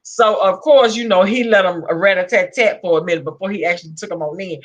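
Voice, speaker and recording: A woman's voice: mid-range voice, fast. A woman with a Southern American accent in casual chat, stressing her points by repeating them. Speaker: vlog guest.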